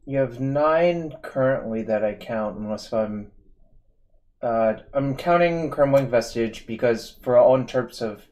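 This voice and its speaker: A man's voice: mid-range voice, measured pace, a little mellow. Man thinking aloud during a game. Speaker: streamer host. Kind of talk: casual gaming commentary.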